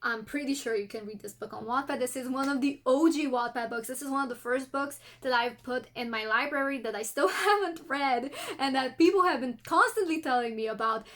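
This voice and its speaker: A woman's voice: high voice, fairly bright tone. A woman with a non-American English accent, vlogging about books in a chatty, enthusiastic way and reading blurbs aloud. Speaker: book vlogger. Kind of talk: casual chat and reading book blurbs aloud.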